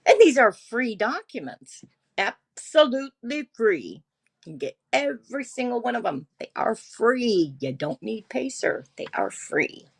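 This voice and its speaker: Woman host of a casual stream: slow, animated, reads documents aloud. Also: fairly high pitch, vocal fry, slightly rough. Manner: animated, drawn-out, talks to chat. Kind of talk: casual livestream chat.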